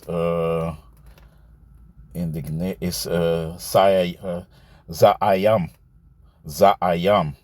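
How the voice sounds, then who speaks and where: A man with a deep, slightly mellow voice teaches scripture conversationally, reading verses aloud slowly and then commenting on them. He often throws in "man" and "you see."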